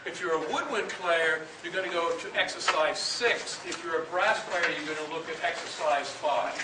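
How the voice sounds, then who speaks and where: In a large rehearsal room with a band, a high-voiced man leads a breathing warm-up, explaining between sets and then calling out counts loudly and firmly at a moderate pace. It's instructional coaching with counted exercises, and he sounds far from the mic, with heavy echo and hiss underneath.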